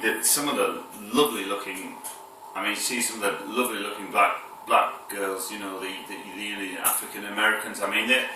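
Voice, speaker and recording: A man's voice: lowish voice, heavy reverb, far from the mic, background noise. A man from the north of England with a northern English accent, talking casually to camera in a rambling, hesitant way, full of fillers and restarts, with chuckles between phrases.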